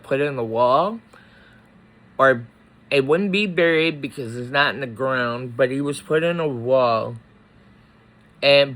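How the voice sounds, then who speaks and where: Slow, halting man, choked up. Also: medium pitch, fairly bright tone, low-quality recording. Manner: slow, halting, with many pauses and fillers. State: tearful, choked up. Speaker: faith vlogger. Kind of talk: personal emotional vlog.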